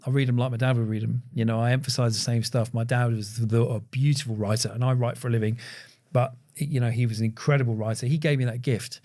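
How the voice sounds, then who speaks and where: A man, a podcast guest speaking reflectively, with many pauses, fillers and restarts. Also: mid-range voice, fairly even intonation, darkish tone. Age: 40s. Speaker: podcast guest, agency founder. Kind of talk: reflective conversation.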